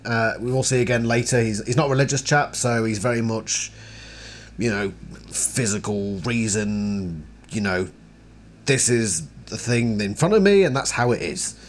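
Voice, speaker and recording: A man giving a casual book analysis and reading passages aloud, chatty and expressive. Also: on the low side, moderate pace. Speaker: book series reviewer.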